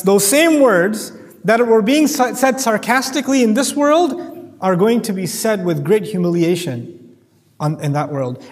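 A man giving a lively Quran commentary lecture, acting out voices and quoting Arabic verses. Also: sits high, in a large hall. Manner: animated, acts out voices and quotes Arabic verses. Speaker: Quran teacher.

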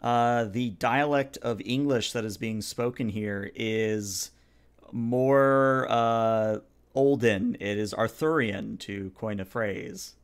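A man narrating as game master of a tabletop game, explaining rules in a relaxed, filler-heavy way. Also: medium pitch, slow pace, clear, resonant tone.

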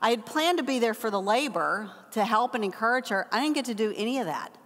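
Older woman telling a lively church story. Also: a little high, fast. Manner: animated storyteller, acts out quotes. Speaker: Bible teacher. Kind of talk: storytelling sermon lesson. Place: church hall. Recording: long hall reverb.

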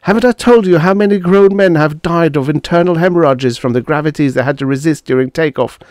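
A man's voice: fairly high pitch, fairly quick, darkish tone, no echo, studio quality, pitched above the performer's own voice, close to an everyday voice. Man doing a sobbing desperate husband. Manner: sobbing, pleading.

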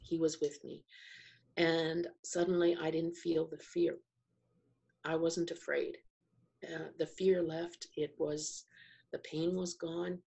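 A middle-aged woman with a low, husky voice that crackles into fry. She tells her own story as a podcast guest, slowly and reflectively, pausing and circling back as she looks for the right words. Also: little pitch movement, dark tone. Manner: slow, reflective storytelling with pauses and restarts. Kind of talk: personal testimony in an interview.

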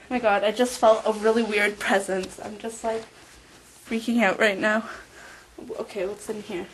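A woman's voice: medium pitch, fairly even intonation, normal speed, fairly bright tone. A young woman in a comedy ghost-hunt spoof, talking while frightened, swearing and laughing nervously. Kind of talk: panicked handheld walkthrough. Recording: noisy camcorder audio from a distance.

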